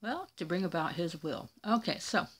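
Woman host, fairly low voice, warm chatty preaching, recorded on a phone at home. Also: animated, moderate pace. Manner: chatty, tender, addresses viewers as "you guys" and "y'all". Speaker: Christian video host reading viewer comments. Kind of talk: casual religious talk to camera. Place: at home in Florida.

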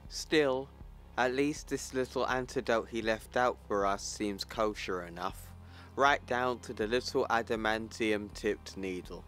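A man's voice: mid-range voice, unhurried, fairly bright tone, soft background music. A man casually recapping a comic book, talking in slang with some swearing. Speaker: YouTuber.

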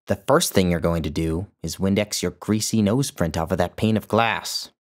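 A man voicing an imperious, theatrical older woman who barks orders in a shrill, commanding voice. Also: moderate pace, natural voice. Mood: scolding. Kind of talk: audiobook character voice.

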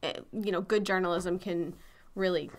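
A woman's voice: lowish voice, fairly even intonation, moderate pace. A young woman with a Massachusetts accent co-hosting a podcast, chatting casually with lots of fillers. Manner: chatty, full of fillers and hedges. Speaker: podcast co-host. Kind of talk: casual chat.

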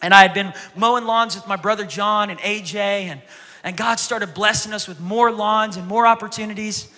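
A pastor preaching a sermon in a bright, ringing, fairly high voice, with lots of echo from a long hall reverb. He tells stories with animation and acts out the voices of the people in them. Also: normal speed. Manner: animated storytelling, acting out childhood voices loudly.

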